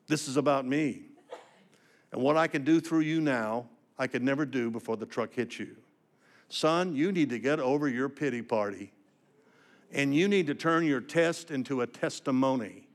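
A man's voice: medium pitch, moderate pace, close to an everyday voice. A man voicing God as a firm fatherly deity. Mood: firm exhortation. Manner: firm, earnest, exhorting. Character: voice of God, a fatherly male deity gently correcting.

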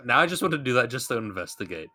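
A man co-hosting a casual podcast, playful and quick with interjections. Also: medium pitch, big pitch swings, bright, forceful tone. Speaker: podcast co-host.

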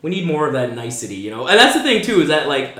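A young Canadian man, a comedian and podcast guest, tells stories at speed with a lively, swooping voice pitched a little high. He swears freely and acts out what other people said. The room around him is echoey. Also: fast. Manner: animated storyteller, swears a lot, acts out quotes. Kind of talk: casual podcast chat.

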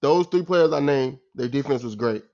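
Man, exasperated sports fan, casual rant, slangy and repetitive, mid-pitched voice, dull lo-fi recording. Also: animated, normal speed, mellow. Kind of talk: casual post-game rant.

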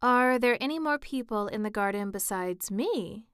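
A woman's voice: on the high side, animated, normal speed, a bit bright, clear, resonant tone, no room sound, studio quality. A woman voicing Alice, a polite, curious young girl, in a storybook reading, speaking in a questioning way.

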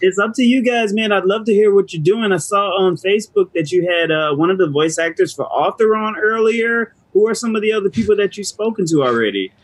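A man chatting casually as a guest on an interview stream, animated and laid-back. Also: high-pitched, a little fast, few pauses, no echo. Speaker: guest, former reality show contestant.

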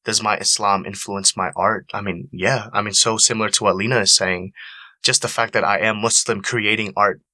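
A young man with a fairly low voice that still sounds bright and forward. He speaks earnestly and with emotion, repeating phrases to drive his point home. The recording is close and dry. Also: steady tone, moderate pace, no echo. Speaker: actor and panelist. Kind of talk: personal storytelling on a panel.

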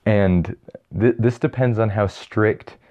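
A young man talks in a relaxed, chatty way, often stopping to correct himself. His voice sits low and warm. The recording sounds a little muffled. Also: slow. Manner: rambling, self-correcting, chatty. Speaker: video host. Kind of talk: casual explainer monologue.

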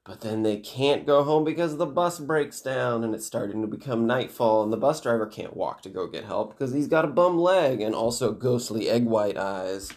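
A man's voice: medium pitch, lively intonation, darkish tone. A man casually retelling a book's plot, rambling and swearing. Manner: rambling, swears, quick voice switches for characters. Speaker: book recapper.

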